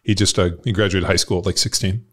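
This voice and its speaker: A man with a very low voice hosts a podcast from Southern California. He talks loosely and casually and drifts through long stories. He swears freely along the way. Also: fairly even intonation, fast. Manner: laid-back, profane, rambling storyteller. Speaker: podcast host. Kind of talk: casual conversation.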